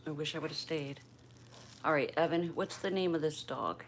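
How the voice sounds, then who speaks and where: An older woman from Bristol, Pennsylvania, hosts a casual livestream from a room at home, keeping her voice down as she greets viewers by name. Her voice sits low, she talks at a normal speed, and there's a little hiss or hum.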